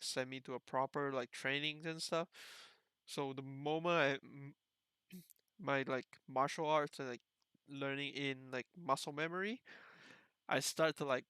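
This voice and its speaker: A man's voice: medium pitch, sharp tone, clean tone, dry recording. A young man hosting a podcast, telling a story in casual chat, rambling with lots of fillers and laughing often. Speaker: podcast host.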